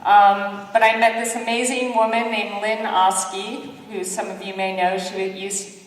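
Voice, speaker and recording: A woman giving a motivational keynote, telling lively, self-deprecating stories and acting out what people said. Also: medium pitch, measured pace. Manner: lively, self-deprecating storyteller who acts out quotes. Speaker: keynote speaker. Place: large conference hall. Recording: echoey hall, distant mic.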